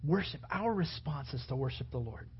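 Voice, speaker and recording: Pastor guy preaching, husky voice, kinda high, muffled lo-fi recording. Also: animated, normal speed. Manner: preaching with rising, emphatic bursts. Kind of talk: sermon. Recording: dull lo-fi sound.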